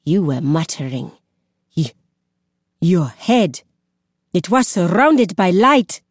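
Lady doing a scared young soldier girl, high-strung and accusing, dry close sound. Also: sing-song, slow pace, no echo, full character voice. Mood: tense. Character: young woman soldier, frightened and hostile.

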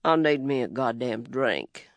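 A man's voice: medium pitch, expressive, measured pace, no room sound, voice pushed down. A man doing a whining planter in his thirties. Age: 30s. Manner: whining, self-pitying. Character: self-pitying 33-year-old white planter, drinker.

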